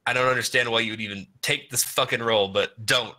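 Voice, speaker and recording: A podcast co-host chats casually, his mid-range voice moving fast. He's animated, laughs often, and swears freely.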